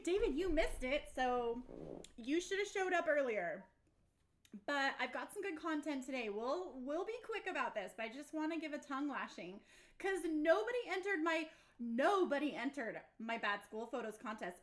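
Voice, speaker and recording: A young adult woman with a high, slightly bright voice hosts a casual livestream chat. She's bubbly and giggly and exclaims often.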